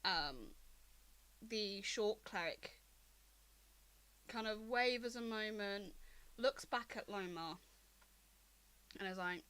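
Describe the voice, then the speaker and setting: A woman's voice: mid-range voice, slow pace, pauses often, a bit bright, clear, resonant tone, rough recording. A young adult woman, the game master, narrating a tabletop game on a livestream with rambling ums. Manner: rambling, with frequent ums and laughs.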